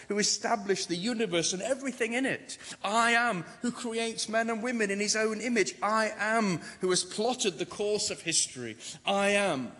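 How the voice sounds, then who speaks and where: A man's voice: high-pitched, sharp tone. Man preaching a sermon in a reverberant hall. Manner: dramatic, rising to emphatic declarations. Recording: long reverb of a large hall.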